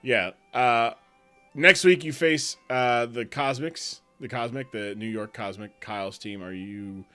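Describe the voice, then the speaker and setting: A man's voice: medium pitch, unhurried, bright, forceful tone, clear, resonant tone, soft background music. A man hosting a live stream as league commissioner, chatting loosely, laughing often and trailing off mid-sentence. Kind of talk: casual live-stream banter.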